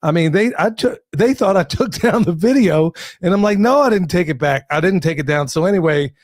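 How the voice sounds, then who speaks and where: A man's voice: high voice, animated, fairly quick, no room sound, clean studio sound. A man hosting a podcast in a casual, joking way, laughing often and talking to his listeners. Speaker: podcast host.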